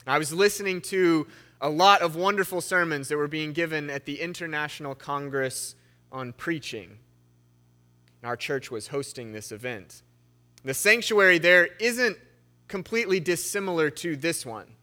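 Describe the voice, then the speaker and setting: A man's voice: fairly high pitch, normal speed, pushed and bright. A young man preaching in a church sanctuary, reading scripture with shifting emphasis and then telling a story in a conversational way. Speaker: pastor. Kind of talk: sermon.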